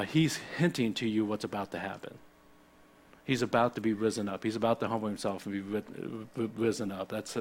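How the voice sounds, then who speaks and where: Man preaching a conversational sermon. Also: on the low side. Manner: conversational preaching with restarts and personal asides. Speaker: pastor.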